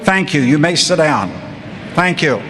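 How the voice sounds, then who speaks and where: A man's voice: a little high, unhurried, a little hiss or hum. Wry older man speaking in a hall. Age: 60s. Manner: wry, deadpan storytelling. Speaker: commencement speaker. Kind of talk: humorous commencement speech. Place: large ceremony hall. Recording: long hall reverb, faint crowd ambience.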